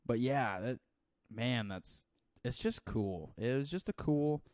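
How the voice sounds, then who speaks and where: A man's voice: medium pitch, expressive, slow, darkish tone, no room sound, clean studio sound. A young man co-hosting a podcast in loose, rambling casual chat, laughing often and dropping into silly accents. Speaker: podcast co-host.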